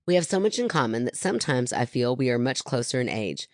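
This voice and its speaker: A woman's voice: a bass voice, very animated, quick pace, no echo, clean studio sound. A woman co-hosting a podcast in casual chat, joking and teasing her sister. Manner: joking, playful. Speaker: podcast co-host.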